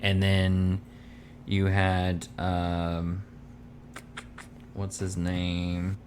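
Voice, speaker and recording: A man's voice: low-pitched, monotone, very slow, long pauses, slight background noise. A man co-hosting a podcast, chatting casually and rambling as he searches for names. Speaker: podcast co-host. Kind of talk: casual chat.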